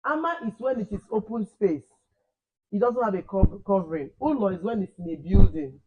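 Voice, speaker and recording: In a children's language class, an animated man with a high voice works at a moderate pace, alternating Igbo and English as he quizzes the kids and repeats and corrects their phrases. The sound is phone quality.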